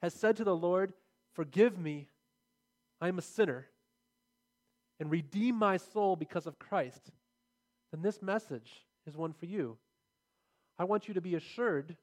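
A man's voice: high voice, unhurried, pauses often. A man preaching a sermon, earnest and building to emphatic, repeated phrases as he drives his points home.

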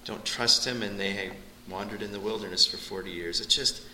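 Male Bible teacher, piercingly bright voice, animated expository style, echoey room. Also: moderate pace, a little hiss or hum. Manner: animated, surges in pitch on key points.

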